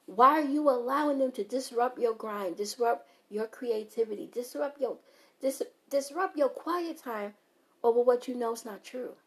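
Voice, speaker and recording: Woman, motivational speaker, slightly high pitch, blunt and emphatic, repeats herself for emphasis. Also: moderate pace. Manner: blunt, emphatic, repeats key phrases, swears freely. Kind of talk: unscripted motivational talk to viewers.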